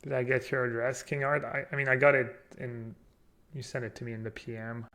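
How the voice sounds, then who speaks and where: A man streaming a card game, chatting casually and thinking out loud while poking fun at himself. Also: medium pitch, level tone, fairly quick. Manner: chatty, self-mocking, thinks aloud. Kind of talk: casual live-stream commentary.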